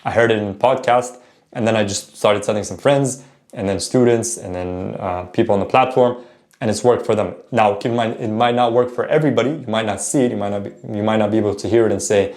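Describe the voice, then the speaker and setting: A man teaching a casual spoken lesson, stopping often to say example words slowly and correct himself. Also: fairly low pitch, a little mellow. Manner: repeats words slowly to model pronunciation; self-correcting, informal. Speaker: language teacher.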